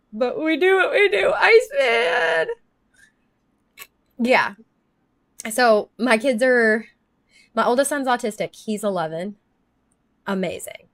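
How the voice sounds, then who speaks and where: A woman's voice: mid-range voice, no room sound. A woman in her thirties, a livestreamer chatting candidly and emotionally about family life, rambling as she reads chat comments aloud. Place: home office.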